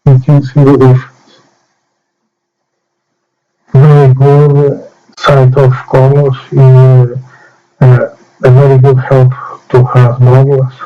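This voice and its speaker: The speaker is a hobbyist who paints miniatures, and he demonstrates his technique slowly and hands-on. He talks in short phrases with pauses, halting and slow, in a monotone medium pitch. Dull lo-fi sound carries soft background music.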